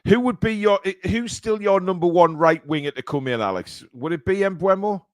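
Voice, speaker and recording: A man hosting a casual football chat show, talking haltingly with lots of fillers and restarts. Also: high-pitched, animated, no room sound. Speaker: podcast host.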